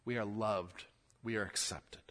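A middle-aged man preaching a sermon, swinging from loud, emphatic scripture reading to quiet, intimate asides, often repeating words as he restarts. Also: lowish voice, fairly even intonation, unhurried. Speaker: pastor.

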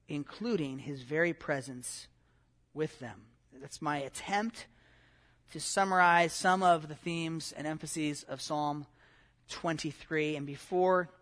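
A man's voice: fairly high pitch, fairly bright tone. A middle-aged man giving a conversational sermon as a pastor, with many fillers and restarts.

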